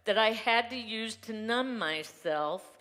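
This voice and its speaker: A woman reverend gives a candid, conversational Sunday message, a personal testimony drawn from her own life, and she laughs often. Her voice is a little high, slow and animated, pushed and bright. The church sanctuary makes the recording reverberant.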